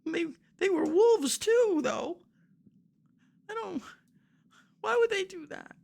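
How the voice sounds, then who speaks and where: A man's voice: very high-pitched, lively intonation, gravelly, a little mellow, pitched above the performer's own voice, heavily acted. A man voicing a frightened, grieving young village boy who stammers through his sobs. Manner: sobbing, halting, stammering repeats.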